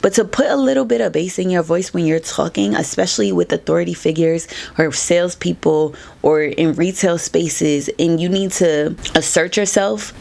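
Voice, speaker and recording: A woman's voice: fairly low pitch, vocal fry, darkish tone. A young adult woman hosting a podcast, giving an assertive, faith-based motivational talk. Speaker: podcast host. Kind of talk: motivational self-help talk.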